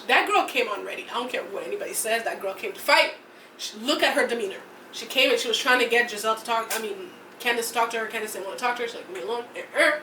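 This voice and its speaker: Her fairly high voice comes across pushed and bright as she co-hosts a podcast, rambling through casual, gossipy reality-TV chat with plenty of restarts. The sound is roomy, picked up by a distant mic, with slight background noise.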